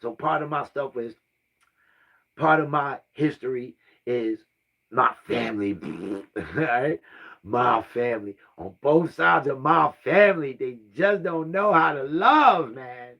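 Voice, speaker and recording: Slightly high-voiced man in his fifties. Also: expressive, slow, creaky, a bit bright. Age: 50s. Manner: rambling and repetitive, often asks "right?" and sighs. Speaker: vlogger. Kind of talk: emotional personal storytelling.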